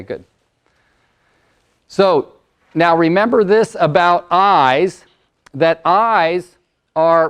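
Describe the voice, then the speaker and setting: Loud, fast and full of words, an older male coach and motivational speaker from California runs a live workshop. His voice is fairly high and smooth, and his energy never lets up.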